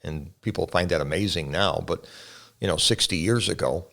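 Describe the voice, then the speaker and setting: An older man with a very deep voice and a gravelly edge talks in an earnest, unhurried way. He reminisces about his childhood and fatherhood in a casual chat with his son. His voice is rough with fry at the bottom of his range. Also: a bit bright. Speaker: pastor and guest. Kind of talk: casual family conversation.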